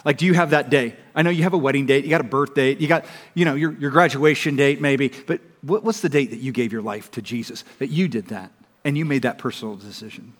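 A pastor preaching a sermon, emphatic, swinging from loud appeals to soft, hushed pleas. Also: male voice, medium pitch, fast. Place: church auditorium. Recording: long reverb of a large hall.

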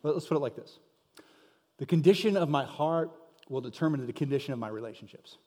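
A man's voice: medium pitch, animated, brisk, mellow. A man preaching a sermon in a conversational, joking storytelling manner. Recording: reverberant hall.

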